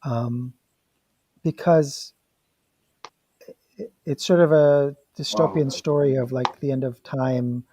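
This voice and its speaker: A man's voice: medium pitch, steady tone, slow, pauses often, mellow, slight background noise, poor audio. A man directing a casual production meeting over a video call, explaining plans in an easygoing, reassuring way.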